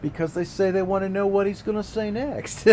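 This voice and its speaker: A man's voice: high voice, steady tone, brisk, darkish tone, slight background noise, poor audio. A man streaming a game, ranting casually and sarcastically with plenty of swearing. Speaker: gaming streamer. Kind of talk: casual ranting commentary while gaming.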